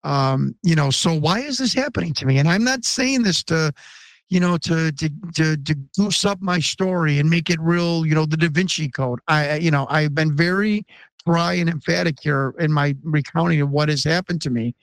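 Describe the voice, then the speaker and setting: Insistent American man in his 50s, a podcast guest who pleads his case earnestly; fairly high voice, dry close sound. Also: normal speed, no room sound. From Chicago, USA. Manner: earnest and emphatic, insistent questions. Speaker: interview guest. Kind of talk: podcast interview.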